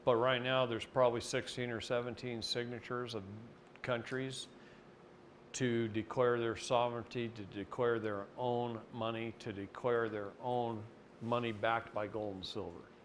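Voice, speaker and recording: A man's voice: level tone, measured pace, a little hiss or hum. Blunt, folksy male seminar speaker. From Oregon, United States. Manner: folksy and blunt, acts out quotes with jumps in pitch. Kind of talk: lecture mixed with storytelling.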